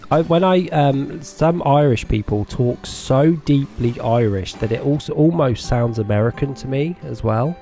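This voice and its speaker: A man's voice: mid-range voice, measured pace, few pauses, mellow, soft background music. A man with a Norfolk English accent chatting casually with viewers while streaming a farming game, chatty and self-deprecating, laughing often. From England.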